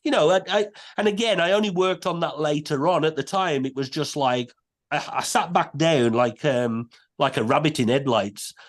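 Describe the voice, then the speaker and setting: A man, a podcast guest telling a story in a casual, animated way. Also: on the high side, normal speed. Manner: animated, many restarts and quoted voices.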